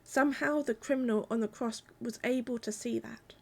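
A woman delivering a sermon in a calm, measured, reflective way. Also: fairly high pitch, gravelly. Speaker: preacher.

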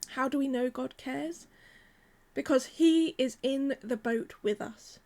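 High-voiced woman preaching a gentle sermon. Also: takes it slowly.

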